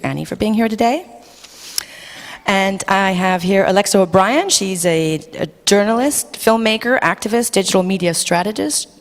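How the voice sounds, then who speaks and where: Lowish-voiced woman moderating a panel, reads off notes w/ ums, big echoey hall. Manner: reads from notes with fillers and restarts. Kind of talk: introducing a panel, reading quotes. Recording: long reverb of a hall.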